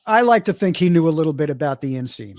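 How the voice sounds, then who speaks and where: Quick joking man chiming in. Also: fairly high pitch, lively intonation, darkish tone, no room sound, studio quality. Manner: joking banter. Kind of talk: casual chat.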